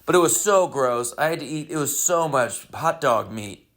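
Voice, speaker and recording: A man hosting a comedy podcast, telling a rambling, deadpan story with crude jokes in a casual monologue. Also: fairly high pitch, moderate pace.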